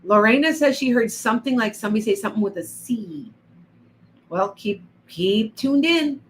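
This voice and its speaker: A woman's voice: on the high side, animated, moderate pace, slight background noise, rough recording. Chatty woman reading for livestream viewers. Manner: chatty, addresses viewers by name, frequent restarts. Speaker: psychic reader on a livestream. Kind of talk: live-stream reading and chat.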